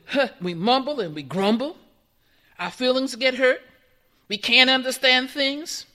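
A woman's voice: a little high, animated, moderate pace, sharp tone. A woman giving a conversational sermon in a church, putting questions to the congregation. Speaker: church speaker.

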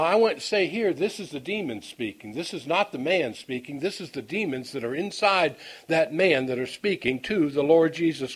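A man with a notably high voice teaches from scripture in a sermon. He reads the verses slowly and with weight. Between them he drifts into homespun anecdotes, stumbling and repeating himself as he hunts for words. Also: husky. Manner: folksy, storytelling asides; halting, repeats words while finding them. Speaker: preacher.

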